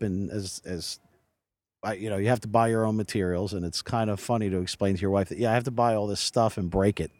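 A man's voice: lowish voice, darkish tone, dry recording. A man in his forties, a podcast guest recorded outdoors by a lake, talking in an earnest, rambling way with many restarts. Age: 40s. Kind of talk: casual interview chat.

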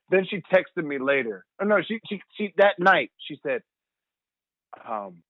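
A young man telling rambling, animated stories as a guest over the phone, laughing often. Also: on the high side, measured pace, no room sound. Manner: animated, rambling storyteller who laughs a lot. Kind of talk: phone interview storytelling. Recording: tinny dry phone line.

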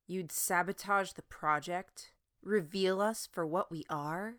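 Woman reader as a teenage boy for an audiobook: whiny, sarcastic brat, slow deliberate delivery, dry sound. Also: fairly low pitch, fairly bright tone, no echo. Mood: whiny defiant. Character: bratty mischievous teenage boy.

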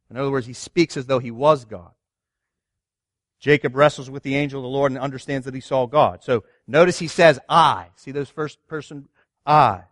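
Earnest preacher man, slightly high voice. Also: no room sound, clean studio sound. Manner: earnest, rhetorical questions to the congregation. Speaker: pastor. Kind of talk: sermon.

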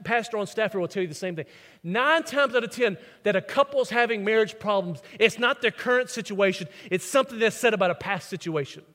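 A man's voice: extremely high pitch, fairly bright tone. A male pastor, preaching a sermon and telling stories with acted-out voices. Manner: storytelling, acts out quoted voices. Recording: long reverb of a large hall.

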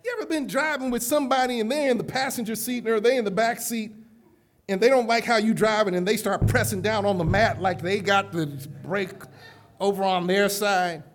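A man preaching a keynote sermon to a live conference audience, emphatic and direct, moving from hushed asides to loud calls. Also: sits high, fairly even intonation, moderate pace. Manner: addresses the audience directly, repeating "listen carefully".

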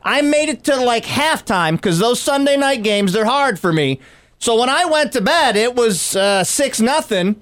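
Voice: mid-range voice, animated, fairly bright tone. A morning radio host bantering playfully with a co-host and introducing a guest. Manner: playful, quick to riff. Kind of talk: casual morning show banter.

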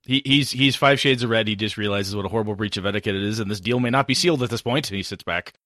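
A man's voice: on the low side, fast, fairly bright tone, dry recording, clean studio sound. A man running a tabletop game as game master, narrating with wry humor.

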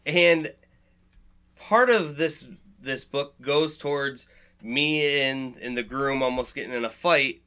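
A man chatting loosely on a podcast with a bright, forward tone. He rambles, swears freely and fills his pauses with "uh." His pitch sits in the middle for a man. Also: smooth. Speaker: podcast co-host. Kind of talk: casual chat about beer.

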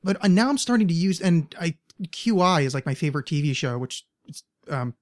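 Animated American man, slightly high voice. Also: fairly quick. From United States. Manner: animated, swearing, laughs easily. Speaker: podcast host. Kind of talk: casual chat.

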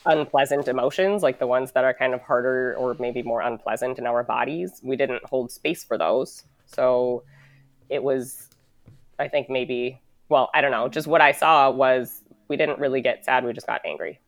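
A woman's voice: very deep voice, fairly even intonation, normal speed, dry recording. Rambling, reflective woman from the US. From United States. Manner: rambling, heavy on "like", swears casually. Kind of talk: casual reflective conversation.

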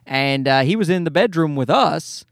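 A man's voice: on the high side, expressive, moderate pace, no echo, clean studio sound. A man in his thirties hosting a podcast, ranting in a casual comedic way, exasperated and profane, rambling with restarts. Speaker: podcast host.

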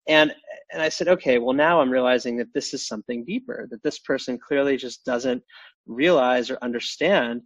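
A man's voice: mid-range voice, dry recording. Guy on a podcast, lots of restarts and ums, dry muffled sound. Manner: halting, many restarts and fillers. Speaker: podcast guest. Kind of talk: casual interview chat.

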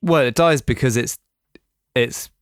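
A man's voice: medium pitch, a little slow, no echo, clean studio sound. A man co-hosting a podcast, explaining facts in a chatty, giggly way. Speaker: podcast co-host. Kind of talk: casual explanatory chat.

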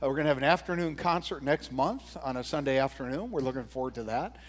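A man preaching a sermon to his congregation, talking in an unhurried, conversational way with fillers and rhetorical questions. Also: mid-range voice. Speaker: pastor. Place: church sanctuary. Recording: long reverb of a church hall.

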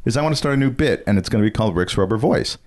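A man's voice: fairly low pitch, lively intonation, very fast, a little mellow. A man co-hosting a comedy podcast, playfully setting up bits and games for his partner. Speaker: podcast co-host. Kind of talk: casual comedic chat.

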